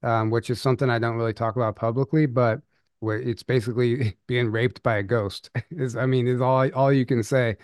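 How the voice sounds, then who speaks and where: A young adult man and podcast co-host telling a personal story in casual chat, halting with restarts and nervous laughs. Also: mid-range voice, steady tone, darkish tone, clear, resonant tone, dry recording, clean studio sound.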